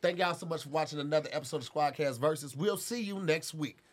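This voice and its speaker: A woman's voice: sits low, fast. A woman co-hosting a podcast, talking in a blunt, slangy, profane and joking way. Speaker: podcast co-host. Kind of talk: casual debate chat.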